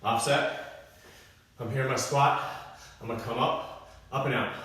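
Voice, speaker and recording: A man's voice: medium pitch, fairly even intonation, a little slow, a bit bright. A man who is a personal trainer, calling out cues during a workout in short bursts, slightly out of breath. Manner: short spoken cues, checks in with "right?". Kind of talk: live workout instruction. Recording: very echoey room, voice from a distance.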